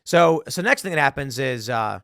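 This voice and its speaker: A man hosting a talk show, reading an article aloud and retelling stories in a sarcastic, animated way. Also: mid-range voice, moderate pace, dry recording, clean studio sound. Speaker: podcast host.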